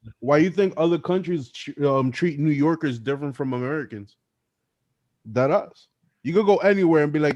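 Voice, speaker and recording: A man's voice: on the high side, fairly quick, darkish tone, no echo, highs cut off. A man from New York with a New York accent, chatting casually and emphatically in slang. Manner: slangy, emphatic street talk. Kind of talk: casual chat.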